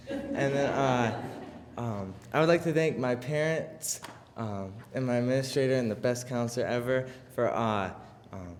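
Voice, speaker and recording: A teenage boy giving a halting acceptance speech with many fillers. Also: medium pitch, darkish tone. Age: teens. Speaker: award recipient. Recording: hall reverb with faint noise.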